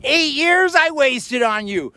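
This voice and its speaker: A man putting on the voice of a furious woman yelling accusations from a pickup truck. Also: very high-pitched, animated, takes it slowly, no echo, pitched above the performer's own voice, heavily acted.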